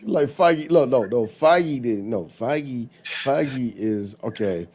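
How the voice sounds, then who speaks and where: A man co-hosting a live podcast, joking around in slangy, animated banter. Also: mid-range voice, slow pace. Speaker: podcast co-host.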